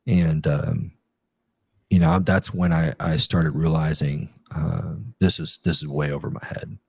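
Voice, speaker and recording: A middle-aged man with a very low, mellow voice recalls his service in a relaxed interview. He talks in loose runs, full of fillers and restarts. The sound is dry and close. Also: unhurried, vocal fry, breathy edge, no room sound. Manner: rambling, many fillers and restarts. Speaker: guest, retired Army captain. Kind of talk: casual interview storytelling.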